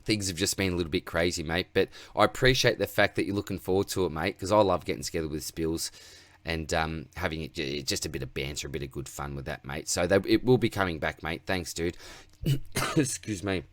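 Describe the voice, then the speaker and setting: A man's voice: sits low, brisk, dry recording. A man with an Australian accent hosting a casual livestream Q&A, reading viewer questions aloud and answering in a laid-back way, calling everyone mate. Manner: laid-back, reads chat aloud, says mate constantly.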